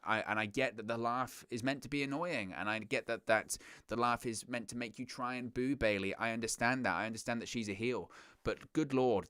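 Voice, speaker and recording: A man's voice: mid-range voice, a bit bright, smooth, dry recording, clean studio sound. A man hosting a wrestling reaction show, ranting in a sarcastic, exasperated way. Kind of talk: casual reaction commentary.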